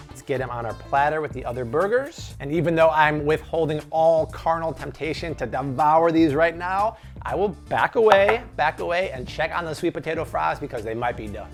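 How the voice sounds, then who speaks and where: A man's voice: on the high side, fairly quick, hardly any pauses, faint music behind. A man hosting a cooking tutorial in his kitchen, talking to viewers in an enthusiastic, chatty way. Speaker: cooking show host. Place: home kitchen at the stove.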